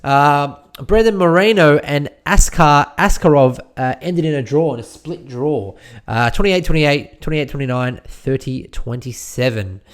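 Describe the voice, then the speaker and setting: A man's voice: on the high side, a little slow, clean tone. An Australian man hosting a podcast on his own, talking in a casual, rambling and jokey way with lots of fillers and restarts. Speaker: podcast host. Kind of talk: casual solo podcast recap.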